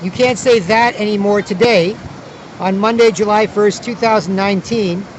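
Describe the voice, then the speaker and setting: A man's voice: high-pitched, fairly even intonation, normal speed, slight background noise, poor audio. A man vlogging outdoors at a city square, talking in a rambling, repetitive way with many restarts. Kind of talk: casual outdoor monologue.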